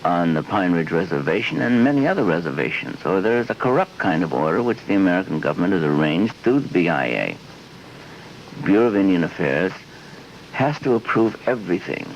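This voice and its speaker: Rambling, animated older man. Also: deep voice, fairly quick. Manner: rambling, animated, acts out quotes in voices. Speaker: interview guest. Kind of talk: off-camera television interview. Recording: dull lo-fi 1970s archive audio with faint hiss.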